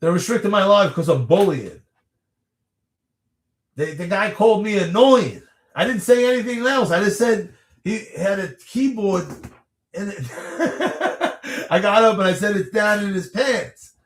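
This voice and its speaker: A man's voice: high voice, expressive, a little slow. Guy rambling on his phone live, laughs a lot, kinda echoey room sound. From New York area. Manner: rambling, chatty, laughs often. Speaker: livestream host. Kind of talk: casual livestream chat answering viewer questions.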